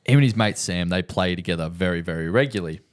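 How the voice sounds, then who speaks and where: A man with a lowish voice co-hosts a laid-back podcast. He tells stories in an animated way, swears freely and keeps checking in with "right?". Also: fast talker, smooth. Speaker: podcast co-host. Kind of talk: casual chat.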